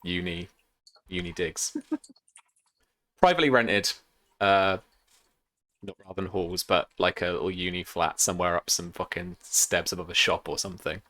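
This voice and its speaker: A man's voice: deep voice, normal speed, long pauses, fairly bright tone. A young man running a tabletop game as game master, rambling and swearing with lots of fillers. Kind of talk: improvised tabletop game narration.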